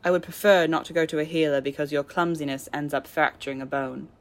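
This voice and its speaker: A woman's voice: low-pitched, steady tone. A woman reading as a sneering cold young man. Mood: snapping. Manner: slow, clipped, contemptuous delivery.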